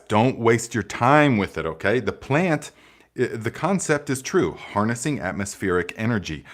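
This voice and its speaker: A man hosting a live gardening Q&A, chatting casually with viewers, sarcastic and animated, laughing often and saying "okay" and "guys" a lot. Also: fairly low pitch. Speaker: gardening channel host.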